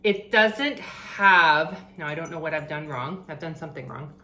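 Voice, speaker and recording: A woman chatting casually while cooking in her home kitchen, thinking out loud and poking fun at herself, with a pan sizzling behind her. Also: low voice, moderate pace, roomy sound. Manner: chatty, self-deprecating, thinks aloud. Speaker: vegan cooking vlogger. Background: frying and sizzling from the pan.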